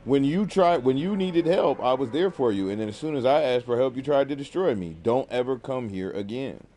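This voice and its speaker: A man's voice: mid-range voice, expressive, brisk, warm tone, a little hiss or hum, lightly acted. Guy playing a wronged male frog from a fable, casual slangy talk, pleading then putting his foot down. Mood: firm.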